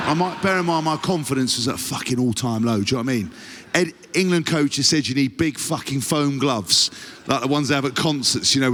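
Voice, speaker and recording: A man's voice: mid-range voice, a bit bright, slight background noise. A male podcast host spins a rowdy, swear-laden anecdote and keeps checking in with his listeners. He is recorded live on stage, with a long reverb trailing through the venue.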